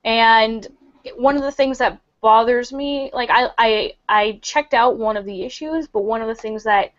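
A woman's voice: on the high side, unhurried. A woman hosting a casual book club over a video call from a room at home, chatty and full of fillers. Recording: muffled video-call audio.

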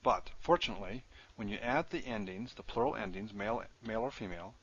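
Low-voiced man teaching a grammar lesson. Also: fast, fairly bright tone, slightly rough, dull audio. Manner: explains step by step while writing on screen. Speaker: Hebrew teacher.

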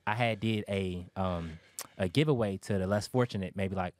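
A man telling a story as a guest on a talk show, animated and acting out other people's lines. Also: low-pitched, moderate pace, dry recording.

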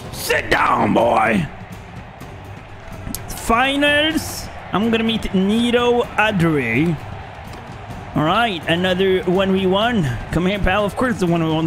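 A man with a high voice narrates his gameplay, mocking the enemies he fights and breaking into short shouts in combat. He is not an English speaker. Clear game music plays under his voice. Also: a little fast. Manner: playful trash talk at enemies. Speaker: gaming YouTuber. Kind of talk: gameplay commentary. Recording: game music playing behind.

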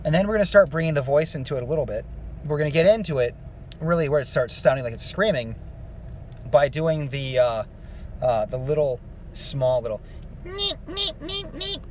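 A man explains singing technique in a loose, rambling way, his voice sitting at an ordinary middle pitch. Faint noise hums behind him as he talks through his lesson. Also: a little fast. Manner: relaxed, rambling explanation with many fillers. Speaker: vocal coach. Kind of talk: casual singing lesson with demonstrations.

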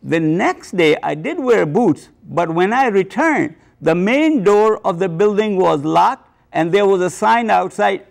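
A man's voice: high voice, expressive, unhurried, vocal fry, few pauses. An older man with an Indian accent, hosting a show and telling wry, self-mocking stories from his own memoirs. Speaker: host. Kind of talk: memoir storytelling.

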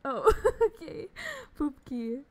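A woman's voice: sits high, sing-song, extremely slow. A woman streamer chatting casually on a live stream, gushing and giggling as she greets her viewers.

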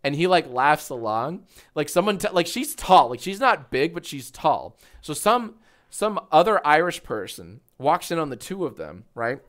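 A male streamer in his thirties talks in a bright, forward voice. His pitch swings widely as he tells a story, swearing and breaking into laughter. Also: big pitch swings, moderate pace. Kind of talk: casual livestream chat.

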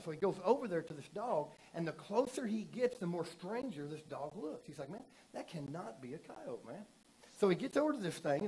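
A man preaching a sermon in a church, telling stories casually and building from soft asides to loud emphatic preaching. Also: high voice, husky, rough recording. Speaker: pastor.

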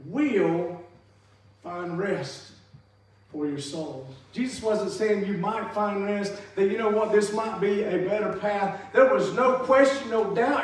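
High-voiced man preaching in an echoey church. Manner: preaching with emphatic rises and soft drops. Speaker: pastor. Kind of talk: sermon. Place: church sanctuary. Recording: echoey church hall, mic far off.

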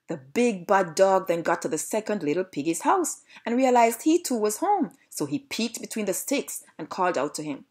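A woman with a Jamaican accent reads a children's storybook aloud. Her pitch sits mid-range but moves animatedly. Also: normal speed, few pauses, breathy edge. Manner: lively read-aloud narration. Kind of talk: storybook reading.

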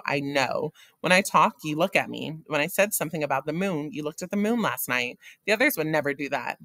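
A man's voice: on the high side, sharp tone, no room sound. A man voicing a curious, dreamy teenage girl in a read-aloud of a novel.

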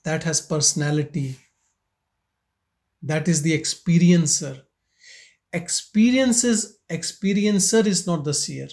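Trage, bespiegelende spirituele leraar. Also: male voice, on the high side, a little mellow. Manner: slow, questioning, with long pauses. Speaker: spiritual teacher leading satsang. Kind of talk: slow contemplative spiritual talk. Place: meditation centre hall.

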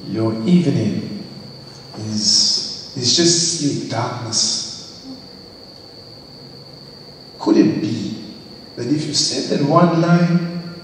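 A man preaching a lively church sermon, exclaiming and teasing his congregation. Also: medium pitch. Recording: echoey hall, distant mic, faint hiss.

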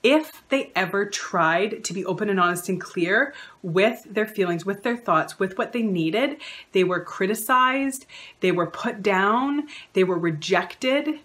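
A woman's voice: mid-range voice, animated, unhurried, a bit bright. A woman counsellor giving an earnest advice talk, stringing together lists of repeated phrases. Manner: acts out quoted remarks in shifted voices.

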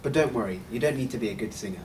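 A man hosting a scripted Mandarin lesson, explaining clearly and encouraging the listener to repeat. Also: medium pitch, darkish tone, distant mic, a little hiss or hum. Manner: clear, encouraging, models sounds slowly. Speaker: host and Mandarin teacher.

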